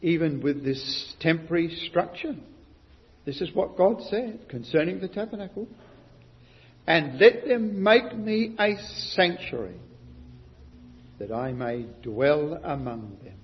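A man preaching a sermon, building to loud emphatic stresses and asking his listeners questions. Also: fairly high pitch, animated, slow pace. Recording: muffled recording with long hall reverb.

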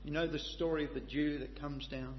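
Guy preaching, high voice, quiet then booming, old muffled tape in a big echoey hall. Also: steady tone, fairly quick. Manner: impassioned, swings between quiet reflection and loud emphatic declaration. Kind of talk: sermon. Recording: lo-fi recording in a reverberant hall, faint hum.

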